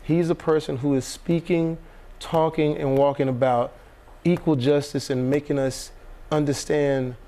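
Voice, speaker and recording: Man guest from Texas, slightly high voice, lively storyteller who laughs and restarts a lot. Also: a little slow. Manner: animated storyteller, laughs often, many restarts. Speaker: actor guest. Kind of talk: casual chat on a morning TV show.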